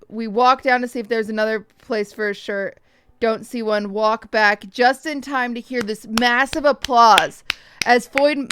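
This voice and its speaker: A woman streamer telling a story to her chat in a casual, animated way, swearing often and acting out the voices of people she quotes, with hiccups. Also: a little high, background noise.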